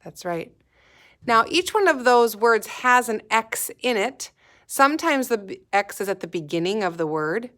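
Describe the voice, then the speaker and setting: A woman teaching a phonics lesson to young children, sounding out each letter slowly and clearly and encouraging them to join in. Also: fairly high pitch, very animated, fairly bright tone. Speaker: kindergarten teacher.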